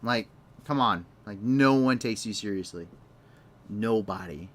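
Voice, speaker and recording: A man's voice: fairly low pitch, measured pace. Young guy doing live news commentary, rambly and sarcastic, restarts a lot. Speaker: news show host.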